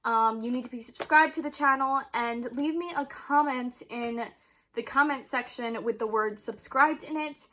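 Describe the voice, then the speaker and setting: A woman's voice: a little high, moderate pace, pushed and bright. A young woman chatting casually to her camera as a vlogger, rambling with many ums and frequent laughs.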